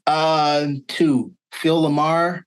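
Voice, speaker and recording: A man's voice: a little high, flat delivery, extremely slow, clean tone. A voice actor guest, a man, answering earnestly and searching for his words in a casual chat.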